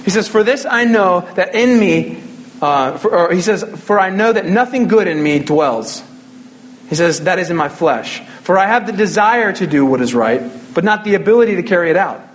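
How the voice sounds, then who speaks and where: A man's voice: high-pitched, lively intonation, moderate pace, a little hiss or hum. A young man preaching a sermon as a pastor, in a casual, conversational way with jokes.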